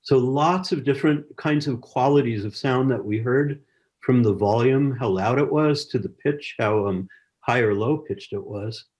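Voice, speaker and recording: A man's voice: mid-range voice, moderate pace, darkish tone. Encouraging male science teacher on a video call. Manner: encouraging, chatty, reads chat messages aloud. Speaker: science educator leading an online workshop.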